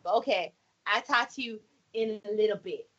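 A woman chatting casually on a podcast in a brisk, joking way. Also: medium pitch, a bit bright, highs cut off.

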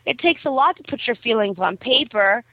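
A woman's voice: fairly high pitch, lively intonation, moderate pace, no room sound. A woman doing a sweet, earnest schoolgirl. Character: sweet, naive teenage schoolgirl. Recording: tinny phone-like dry sound.

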